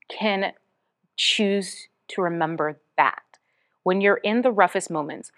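A woman hosting a motivational podcast, speaking earnestly and encouragingly, with bursts of bubbly excitement. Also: lowish voice. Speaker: podcast host and author. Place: Smyrna, Georgia area.

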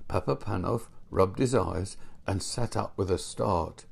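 Male storyteller, gentle storybook reading, gravelly and husky. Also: lowish voice. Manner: gentle, unhurried. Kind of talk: storybook narration.

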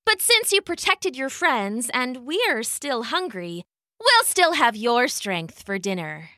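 A taunting fairy from a spooky storybook, voiced by a woman narrator, speaks in a high, bright croon. She stretches out her words, so her sweetness sounds cruel. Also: big pitch swings, dry recording, studio quality, full character voice. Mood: sinister. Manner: slow, crooning and mocking. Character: taunting female energy-stealing fairies, sweet turning sinister.

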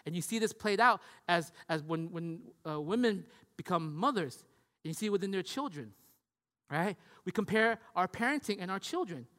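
A man's voice: high-pitched, lively intonation, moderate pace, a bit bright. A man preaching a sermon in a conversational way. He keeps asking "right?" and acts out the voices of the people he describes. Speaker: pastor. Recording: long hall reverb.

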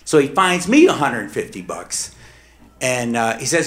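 A middle-aged man telling a personal true story on stage, emphatic and swinging between hushed and heated. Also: medium pitch, sing-song, normal speed.

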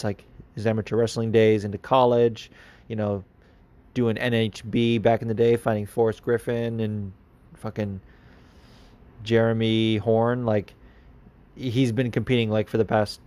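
A man's voice: fairly low pitch, darkish tone. A man hosting a podcast, answering listener questions in casual, rambling chat with lots of fillers and restarts. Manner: rambling, many fillers and restarts, laughs often. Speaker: podcast host.

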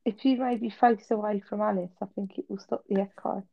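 A woman's voice: medium pitch, steady tone, fairly quick, vocal fry, dull audio. A woman co-hosting a casual podcast from home, easygoing with short agreeing reactions. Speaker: podcast co-host. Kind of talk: casual chat recapping a TV show.

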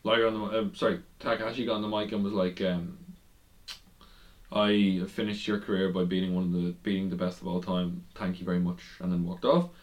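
A young man with a fairly low voice chats loosely about wrestling on a podcast. He rambles, stumbles over restarts and breaks into laughter now and then, keeping it casual and unpolished. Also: level tone, a little fast. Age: young adult. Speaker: podcast co-host.

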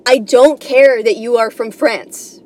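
A young woman from New York rambles through a comedy podcast monologue, swearing freely and filling her sentences with "like" and "you know". Her voice sits a little on the high side. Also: fairly even intonation, slow pace, mellow. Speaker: podcast host.

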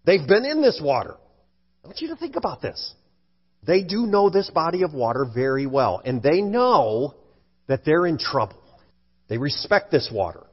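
A male pastor preaching a sermon in an animated way, at times acting out frightened voices. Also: a little high, normal speed, breathy edge. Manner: animated, acts out scared voices for effect. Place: church sanctuary. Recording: dull sound with long hall reverb.

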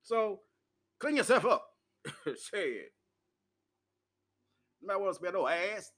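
A man's voice: high-pitched, big pitch swings, takes it slowly, a bit bright. A man from Memphis, hosting an uncensored solo talk show, brash and profane, laughing often as he tells his stories.

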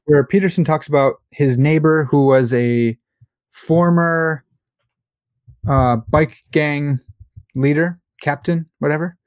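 A man's voice: fairly high pitch, takes it slowly, dry recording. A man co-hosting a casual podcast chat, talking animatedly and acting out quoted people. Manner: animated, acts out quoted voices. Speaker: podcast co-host.

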